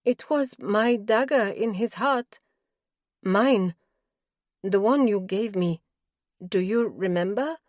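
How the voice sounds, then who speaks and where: A woman's voice: on the low side, lively intonation, slow, pauses often, no echo, studio quality. A woman voicing a distraught young woman accused of murder, pleading in a raised, breathless way.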